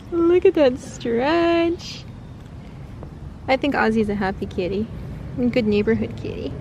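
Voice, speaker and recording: Brief: upbeat woman vlogger, slightly high voice, chatty and gushing. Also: steady tone, unhurried, pauses often, noisy background. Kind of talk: casual vlog chat to camera. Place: outdoors at home, then indoors.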